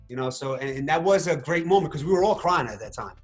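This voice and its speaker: A man talks through his story in a casual interview, voice a bit higher than most men's. He gets animated, acting out what he said and thought. Faint music plays underneath. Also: quick pace, few pauses. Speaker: reality show contestant interviewed.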